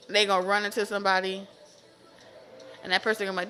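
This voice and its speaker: A woman giving a casual tarot reading to camera, animated and profane, repeating herself with laughing asides. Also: mid-range voice, fast talker, a little hiss or hum. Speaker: tarot reader.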